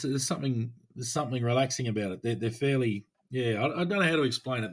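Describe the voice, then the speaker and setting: An Australian man co-hosting a podcast, a police officer chatting in a relaxed, rambling way with frequent restarts. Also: medium pitch. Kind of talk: casual chat.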